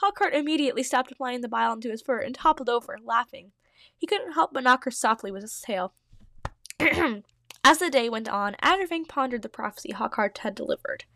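A woman reads her old fanfiction aloud as host, breaking in often with giggly, self-mocking asides. Her voice sits fairly high. The sound is dry and close, with no room echo. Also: expressive, fairly quick, vocal fry, sharp tone. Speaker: podcast host. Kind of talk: reading own old fanfiction with commentary.

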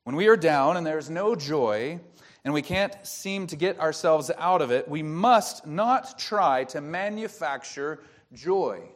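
A man's voice: fairly high pitch, expressive, a little slow. A man preaching a sermon as pastor, explaining the grammar of a Bible verse and asking rhetorical questions.

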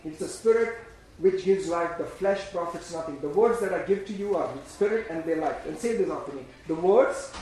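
A man preaching a sermon in an emphatic, repetitive way, swinging between loud bursts and hushed lines, and leading the congregation in repeating phrases. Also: a little high, brisk, slight background noise. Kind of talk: sermon with call-and-response. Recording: very echoey room.

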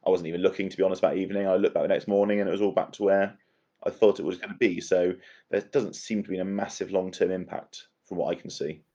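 A man from Bristol with a Bristol accent, a guest on a casual podcast chat, giving his views in a measured way. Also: sits low, fairly even intonation, warm tone. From Bristol, England. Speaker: podcast guest, marketing professional. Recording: slightly dull lo-fi audio.

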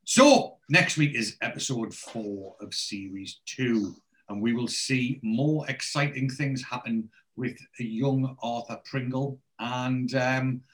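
Chatty podcast host man, mid-pitched voice. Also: slow pace, a bit bright, rough recording. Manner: rambling, hesitant with fillers. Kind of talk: casual podcast recap.

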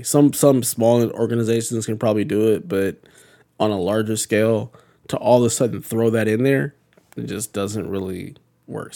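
A man co-hosting a casual podcast chat, talking in a relaxed, matter-of-fact way. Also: on the low side, creaky, no room sound, clean studio sound. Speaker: podcast co-host.

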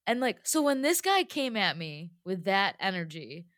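A woman's voice: medium pitch, normal speed, no room sound, studio quality. A woman telling a personal story in a casual chat, with lots of "like" fillers. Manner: chatty, lots of "like", animated retelling.

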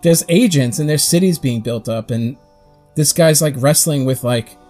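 A man co-hosting a podcast, chatting casually and telling stories in a rambling, animated way with quick acted-out quotes. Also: fairly high pitch, soft background music. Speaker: podcast co-host. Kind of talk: casual chat.

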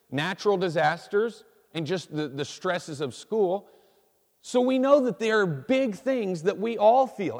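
Higher-voiced folksy pastor in a reverberant hall. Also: male voice. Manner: folksy, self-deprecating, frequent restarts. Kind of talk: casual sermon. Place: church sanctuary.

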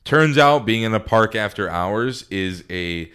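Deep-voiced man telling a rambling story. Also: lively intonation, unhurried, a bit bright, clear, resonant tone. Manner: rambling, full of fillers and restarts. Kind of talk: casual storytelling.

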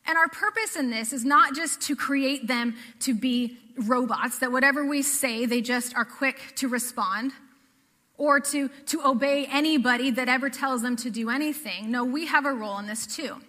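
A woman's voice: high-pitched, normal speed, pushed and bright, in a large hall. A woman from the Pacific Northwest preaching a sermon to a church congregation, earnest and conversational, often repeating phrases. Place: church sanctuary.

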